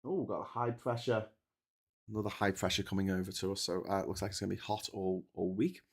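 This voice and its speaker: A man's voice: low-pitched, little pitch movement, fast talker. Tired rambling man. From Liverpool. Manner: rambling, chatty, full of fillers. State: tired from staying awake. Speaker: livestream host. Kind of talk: casual livestream chat.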